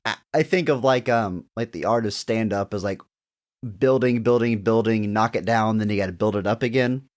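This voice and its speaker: A man's voice: fairly low pitch, moderate pace, darkish tone. A man hosting a podcast, enthusiastically recounting scenes and acting out quotes. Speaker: podcast host. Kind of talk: casual podcast chat.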